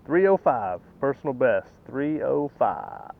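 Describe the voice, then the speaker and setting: Excitable man fishing from a kayak. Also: mid-range voice, a little slow, creaky. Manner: excitable, repeats exclamations. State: out of breath. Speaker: kayak angler. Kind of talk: excited on-the-water fishing commentary. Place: on a kayak outdoors on a lake. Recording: dull lo-fi camera audio.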